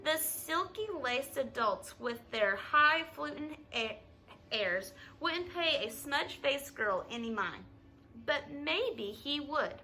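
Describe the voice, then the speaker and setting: Expressive female reader for a novel, bright tone, occasional stumbles. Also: high voice, slow pace, poor audio. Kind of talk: reading a novel aloud.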